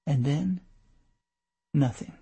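Husky, gravelly male narrator. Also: fairly high pitch, warm tone. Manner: measured, storytelling. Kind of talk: audiobook narration.

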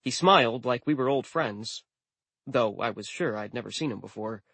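A man's voice: medium pitch, moderate pace, creaky, fairly bright tone, dry recording. A man narrating a story in the first person with a dry, wry manner. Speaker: audiobook narrator.

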